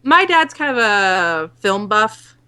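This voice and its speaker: A woman chats easygoingly on a podcast. Her voice is bright and clear at a middle pitch. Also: sing-song, slow. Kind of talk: casual chat.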